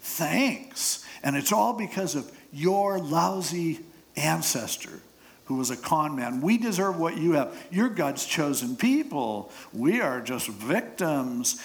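A man voicing a bitter, resentful clan speaking in slow sarcasm. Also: a little high, sing-song, full character voice. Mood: bitter, sarcastic.

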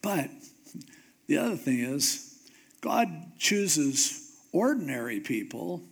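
Guy preaching casual and funny, slightly high voice, slows down to hit points. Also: very animated, breathy edge. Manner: conversational, humorous, emphatic slowdowns. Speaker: pastor. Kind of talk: sermon.

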